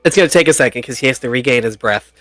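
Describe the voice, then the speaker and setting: A man's voice: mid-range voice, racing, fairly bright tone, dry recording. A man in a mid-range voice runs a tabletop game in a loose, chatty way and laughs often at his own jokes. His voice is close and dry on the mic, with faint music underneath. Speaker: game master.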